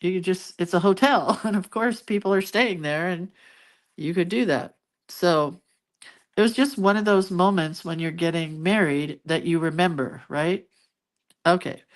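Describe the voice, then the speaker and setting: Chatty middle-aged woman vlogger, low voice, rambling casual storytelling with asides. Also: measured pace. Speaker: crafting vlogger.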